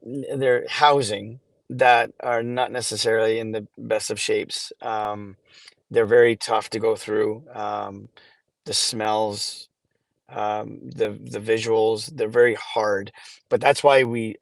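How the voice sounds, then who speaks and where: A man in his forties with a gravelly, fairly level voice, recorded dry and close. He tells his stories haltingly, with frequent restarts, and gets emotional as he goes. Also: on the low side, level tone, dry recording. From Canada. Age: 40s. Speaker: charity founder guest. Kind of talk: podcast interview storytelling.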